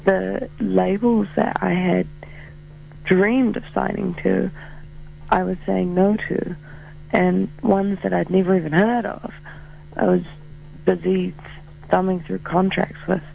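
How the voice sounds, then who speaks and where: A man, a musician in a band, chatting casually in an interview, full of fillers and quick laughs, heard over a phone call. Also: sits high, little pitch movement, gravelly, a little hiss or hum. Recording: tinny phone line.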